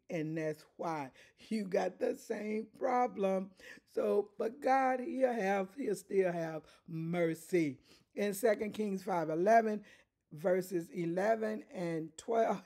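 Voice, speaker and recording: Brief: unhurried, chatty preacher who laughs between lines and repeats key phrases. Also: mid-range voice. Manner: animated, chuckling often, conversational and repetitive. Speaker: Bible teacher. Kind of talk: informal Bible teaching.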